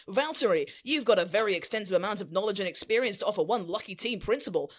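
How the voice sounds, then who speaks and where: A woman's voice: mid-range voice, animated, brisk, few pauses. A woman co-hosting a podcast, playing a gushing mock dating-show presenter in a theatrical, swearing way.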